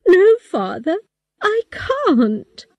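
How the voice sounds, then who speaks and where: A woman's voice: high-pitched, sing-song, unhurried, mellow, no room sound, dull audio, pitched above the performer's own voice. A woman voicing a frightened sixteen-year-old girl who pleads and protests. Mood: pleading. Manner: raised, pleading delivery.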